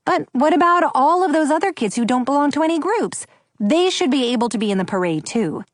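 A confident teenage girl full of big ideas , voiced by a woman reading a storybook. She talks briskly and eagerly, her pitch swinging widely, in a dry, close sound. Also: animated, dry recording. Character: confident teenage girl club leader, bold.

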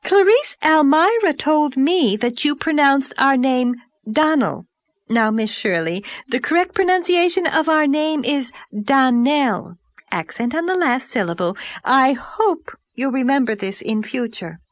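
A woman doing a haughty, high-pitched society lady. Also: very animated, no room sound. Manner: affected, haughty, drawn-out emphatic delivery. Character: pompous overdressed fussy middle-aged society lady.

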